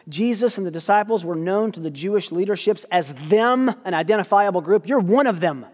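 A guest preacher giving a sermon, telling the story in a lively way and acting out quoted lines. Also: male voice, sits high, big-room sound.

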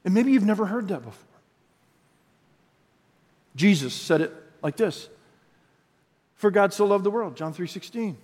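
High-voiced preaching man in a reverberant hall. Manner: earnest preaching, reads scripture aloud, stretches words for emphasis. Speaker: pastor. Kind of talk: sermon.

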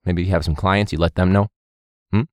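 A man's voice: sits low, fairly quick, no room sound, clean studio sound. A man hosting a casual podcast, ranting sarcastically with swearing and laughter as he talks about teaching. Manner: animated, swearing, sarcastic, laughing mid-sentence.

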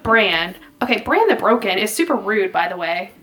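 A woman co-hosting a podcast in casual chat, joking and acting out characters in quick voices. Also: mid-range voice, sing-song, fairly bright tone. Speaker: podcast co-host.

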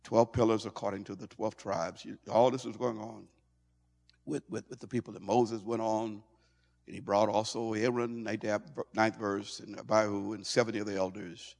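A male pastor preaching a sermon in an animated way, stumbling over and repeating words as he goes. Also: lowish voice, moderate pace, gravelly. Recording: long hall reverb.

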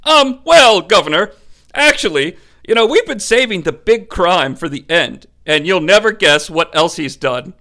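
A man voicing a scheming, obsequious high priest who hesitates and flatters. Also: measured pace, full character voice. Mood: wheedling. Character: fawning scheming high priest, male, middle-aged.

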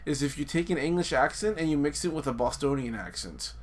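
A podcast co-host with a fairly high, animated voice talks quickly through casual banter. He rambles, curses often, laughs a lot, and keeps restarting his sentences.

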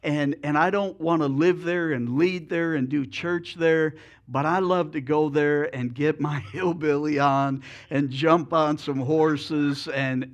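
Folksy, humorous male preacher. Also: a little high. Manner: folksy, humorous storytelling with self-corrections. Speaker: pastor. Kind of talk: sermon.

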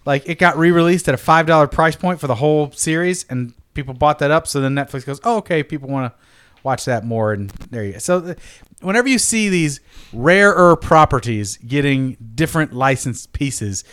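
A podcast co-host in casual chat, a man with a high, lively voice that has a bright, forceful edge. He jokes around and explains things with plenty of asides. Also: moderate pace, clean tone.

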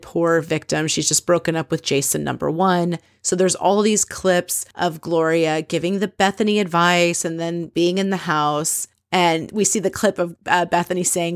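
A woman's voice: fairly low pitch, dry recording, clean studio sound. A woman hosting a podcast, recapping a reality show in a chatty, gossipy and snarky way. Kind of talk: casual recap chat.

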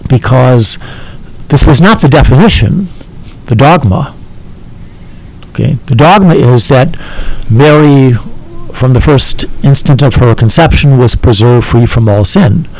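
Slow, halting male teacher. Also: mid-range voice, a little mellow, poor audio. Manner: halting, checks in with "okay?" often. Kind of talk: explaining a text to a listener.

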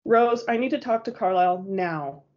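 A woman reading an audiobook voices a sharp, commanding young woman who speaks in a clipped, cutting way. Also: on the high side, expressive, moderate pace, dull audio. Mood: brisk.

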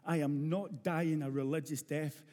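A middle-aged man from Glasgow with a rough Glaswegian Scottish accent, preaching a sermon bluntly and earnestly, repeating phrases for emphasis. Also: fairly high pitch, steady tone, measured pace, warm tone. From Scotland, Glasgow. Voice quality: rough-edged. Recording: long hall reverb.

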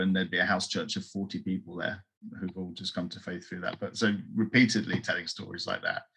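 A man as an interview guest, telling a long story with lively quoted voices. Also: on the low side, breathy edge. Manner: animated, acts out voices in quotes.

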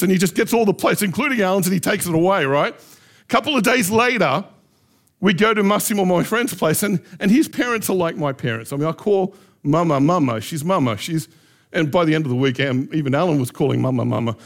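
Animated high-voiced male storyteller. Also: fairly quick. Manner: animated, laughing anecdotes. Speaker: speaker. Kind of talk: storytelling talk.

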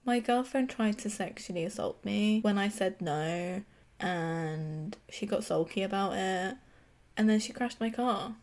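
A woman's voice: mid-range voice, unhurried, a little mellow. Sarcastic woman podcast co-host. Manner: sarcastic, swearing, giggly. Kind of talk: casual recap chat.

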